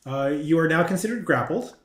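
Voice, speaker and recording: A man's voice: fairly high pitch, expressive, fairly quick, roomy sound. A man narrating a tabletop game as game master, hesitant and full of fillers and restarts.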